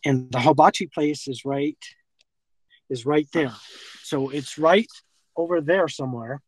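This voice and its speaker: A middle-aged man talking in a halting, rambling way with nervous laughter. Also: a little high, darkish tone, no echo, rough recording. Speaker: confronted man. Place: parked car outside a fast-food restaurant.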